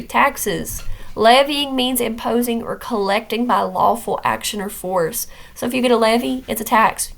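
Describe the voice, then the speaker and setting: A woman's voice: a little high, gravelly, fairly bright tone. A woman teacher recording a vocabulary lesson for her students, explaining words plainly and checking in with "okay?". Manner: firm about classroom rules.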